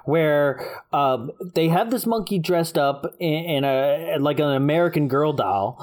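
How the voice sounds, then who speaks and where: A woman's voice: sits low, lively intonation, measured pace, a little mellow. A woman co-hosting a casual movie recap, rambling through the plot and laughing often. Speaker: podcast co-host.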